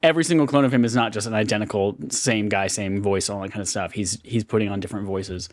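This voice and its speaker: A man's voice: on the low side, fast, no echo, studio quality. A man co-hosting a casual gaming podcast who rambles, fills his talk with "like" and asks questions. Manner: rambling, filler-heavy questioning. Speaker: podcast co-host.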